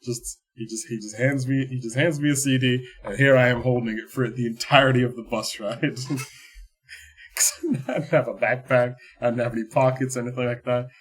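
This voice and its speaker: A man with a husky, breathy voice spins a long, rambling anecdote on a casual podcast. He laughs through his own story and swears freely in relaxed chat. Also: mid-range voice, fairly quick. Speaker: podcast co-host.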